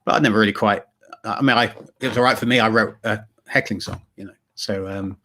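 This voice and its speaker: A man hosting a livestream chat, talking casually with many pauses and fillers over a video call. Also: lowish voice, steady tone, pushed and bright. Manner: hesitant, full of fillers. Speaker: livestream host.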